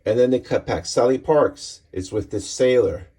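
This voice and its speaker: A man casually walking through a comic issue page by page, talking in a relaxed, rambling way with many fillers. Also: medium pitch, moderate pace, husky. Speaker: comic book reviewer.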